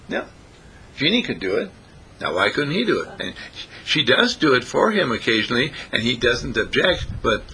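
Gravelly, husky male preacher. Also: medium pitch, big pitch swings, moderate pace, sharp tone. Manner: folksy, repetitive, rising emphasis on key phrases. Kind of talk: sermon.

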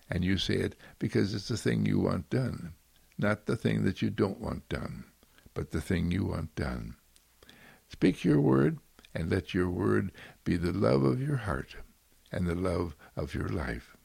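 A man giving a gentle, inspirational spiritual talk, repeating soft and loving affirmations. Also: sits low, creaky, husky, dry recording.

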